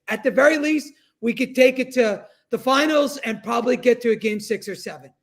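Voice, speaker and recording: A man co-hosting a casual sports chat over a remote call, excitable and blunt, swearing freely. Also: very high-pitched, a little fast, hardly any pauses. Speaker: co-host.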